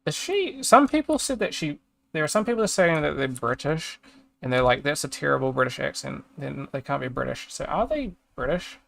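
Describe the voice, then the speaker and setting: A man's voice: on the high side, sing-song, a little fast, vocal fry, a bit bright, no echo. A streamer chatting casually, ranting in exasperation and swearing as he reads a review aloud and trails off mid-sentence. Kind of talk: casual chat while reading a review aloud.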